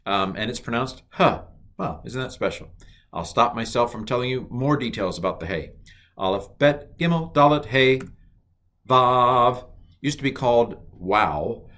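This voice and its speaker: A man teaching a recorded language lesson, chatty, reciting letters slowly and cracking mild jokes. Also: medium pitch, a bit bright.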